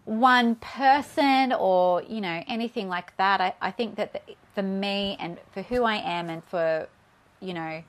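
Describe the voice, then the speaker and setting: Australian woman, 30s, interview guest; candid, earnest, slightly nervous delivery. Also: fairly low pitch. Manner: earnest, candid, at times shaky with nerves. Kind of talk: personal interview.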